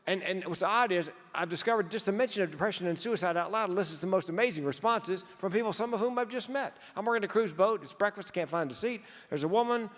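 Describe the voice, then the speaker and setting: A man with a fairly high voice gives a keynote talk, telling stories in a conversational way with a comic's timing. He sometimes repeats words as he goes. A long reverb from the conference hall trails behind his words. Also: fast, few pauses, a bit bright. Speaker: keynote speaker. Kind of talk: storytelling keynote speech.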